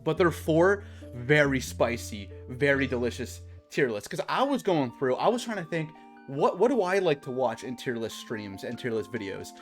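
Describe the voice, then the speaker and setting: A man's voice: medium pitch, expressive, normal speed, faint music behind. A young adult man streaming, telling a work story in casual chat, swearing and saying bro a lot.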